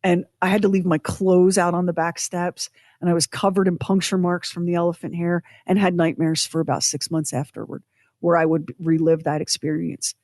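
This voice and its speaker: A woman co-hosting a podcast, telling a personal story in an animated, self-deprecating way with acted-out quotes. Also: lowish voice, normal speed, dry recording, clean studio sound. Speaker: podcast co-host.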